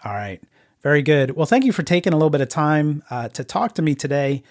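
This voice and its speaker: A man hosting a casual podcast interview, chatty and quick to laugh. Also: a little high, lively intonation, a little mellow. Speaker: podcast host.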